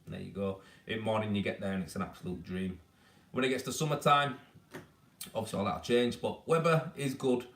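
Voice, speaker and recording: Yorkshire tradesman on a live stream, easygoing and rambling, lowish voice, heard from off-mic in an echoey room. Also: fairly quick, a bit bright, distant mic, slight background noise. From Yorkshire, England. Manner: laid-back, matey, rambling. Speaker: renderer hosting a live stream. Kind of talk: casual live-stream chat answering viewers.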